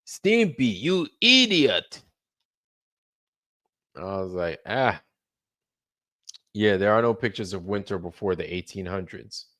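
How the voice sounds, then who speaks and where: A man's voice: low-pitched, moderate pace, long pauses. A man hosting a late-night livestream, rambling loosely, swearing freely and repeating himself as he trails off. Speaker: livestream host.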